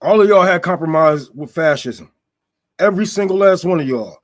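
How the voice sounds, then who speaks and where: A man with a high voice rants straight to his audience. He fires off rhetorical questions, swears freely and stumbles over repeated words as he goes. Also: expressive, moderate pace. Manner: profane, stammering, rhetorical questions. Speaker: show host. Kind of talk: unscripted political rant.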